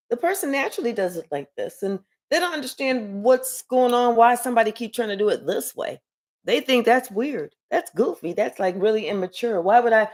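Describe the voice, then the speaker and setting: A woman giving a casual live tarot reading, talking in a rambling, chatty way and swearing freely. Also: a little high. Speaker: tarot reader.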